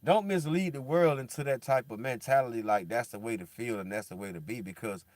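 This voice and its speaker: Guy rambling in slang, bro and dog every line, gets loud then goes low and somber, dry close mic. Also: a little fast, dry recording. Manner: swings from loud animated bursts to low somber mutter. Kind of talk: casual monologue.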